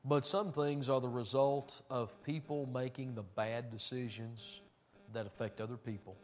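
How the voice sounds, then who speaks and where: A man preaching a sermon, emphatic and conversational, swinging between loud declarations and hushed, somber passages. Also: medium pitch, steady tone, normal speed. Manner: conversational asides to the congregation.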